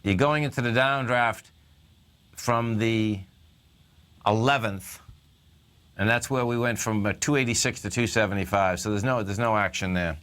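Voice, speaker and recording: A man's voice: fairly low pitch, moderate pace, pauses often, a bit bright, clear, resonant tone. A male talk radio host giving casual, rambling stock market commentary.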